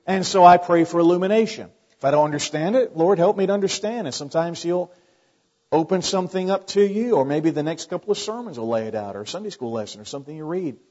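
A man preaches in a relaxed, folksy way, trading scripture talk for little stories. His voice sits a bit high and comes through husky. The recording is dull and lo-fi. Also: fast talker. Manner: folksy, conversational preaching with anecdotes. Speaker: pastor. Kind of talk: sermon.

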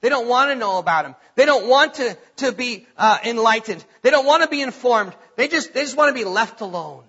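A man's voice: extremely high pitch, lively intonation, fairly quick, few pauses, pushed and bright, breathy edge, dull audio. A man preaching a sermon as pastor, reading scripture aloud with bursts of emphasis.

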